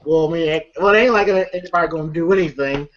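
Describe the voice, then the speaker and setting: A man's voice: on the high side, very fast, fairly bright tone. A man hosting a casual movie review chat, retelling scenes with lots of fillers and laughs. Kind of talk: casual chat recapping a film. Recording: dull lo-fi recording.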